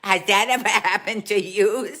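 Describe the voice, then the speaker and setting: A woman playing a warm, gossipy aunt who hosts a live stream, chatting to viewers and calling them dolls. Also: medium pitch, steady tone, normal speed, close to an everyday voice. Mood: chatty storytelling. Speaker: comic host. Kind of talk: live-stream storytelling in character.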